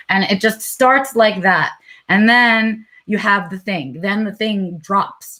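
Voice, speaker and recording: A woman's voice: mid-range voice, a bit bright. A woman with a New York accent hosting a live vlog, talking candidly and unscripted, with plenty of fillers, swearing and acted-out inner monologue. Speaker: vlog host.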